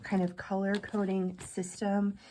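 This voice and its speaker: A woman's voice: medium pitch, completely flat delivery, measured pace, background noise. Bubbly, chatty congested young woman. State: congested from illness. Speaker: planner vlogger. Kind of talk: casual talk to camera.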